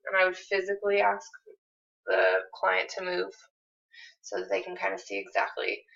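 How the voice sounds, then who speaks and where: In a small apartment, a woman explains and demonstrates a therapy technique, hesitant and full of fillers, mixing instruction with role-play. Her mid-range voice has lively intonation, a moderate pace, vocal fry and a fairly bright tone. The recording sounds distant, dull and lo-fi.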